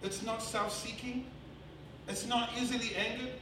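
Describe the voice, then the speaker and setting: Kiwi man preaching, higher voice, lively storytelling, echoey hall, mic far off, background noise. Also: moderate pace. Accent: New Zealand. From New Zealand. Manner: animated storytelling, swings between loud laughing bursts and quiet earnest passages. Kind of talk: sermon with personal story.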